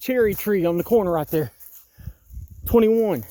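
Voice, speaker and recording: A man's voice: high voice, normal speed, warm tone, slight background noise. Agitated man in his fifties. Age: 50s. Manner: agitated, exasperated, repeats himself. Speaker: vlogger. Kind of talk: walking-tour vlog rant. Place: outdoors in a wooded yard.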